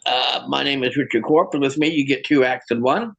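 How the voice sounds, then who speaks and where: A man's voice: medium pitch, a little fast, creaky, fairly bright tone, slightly rough, highs cut off. A man doing stand-up comedy with a bit of magic, telling self-mocking stories in a stammering, restarting way, filmed on his own camera.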